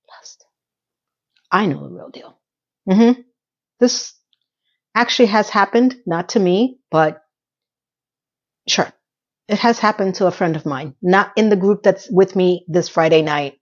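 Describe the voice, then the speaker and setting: Woman doing a chatty tv recap, lots of little asides, kinda muffled lo-fi sound. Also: mid-range voice. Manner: chatty and conversational, with asides, mock sound effects and impressions of characters. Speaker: TV episode recap host. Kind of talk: casual chatty recap commentary.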